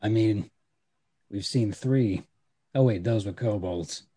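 A man's voice: lowish voice, takes it slowly, warm tone, slightly rough. A man playing a tabletop game, laid-back and hesitant. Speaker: player. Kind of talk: casual tabletop play.

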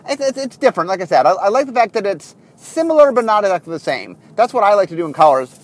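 A man's voice: high voice, quick pace. A man hosting a podcast, talking casually with many fillers while he drives, in a car. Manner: animated, rambling with many fillers. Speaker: podcast host. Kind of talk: casual monologue while driving.

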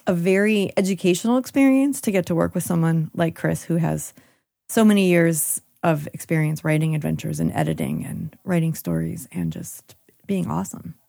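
A woman co-hosting a podcast in casual chat, upbeat and quick to laugh. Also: fairly low pitch, vocal fry, warm tone, no echo, clean studio sound. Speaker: podcast co-host.

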